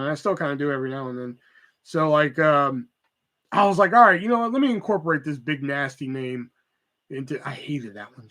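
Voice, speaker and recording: A man's voice: a little high, pushed and bright, rough recording. A man in his thirties hosting a casual solo podcast, rambling and profane with lots of fillers and stutters. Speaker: podcast host.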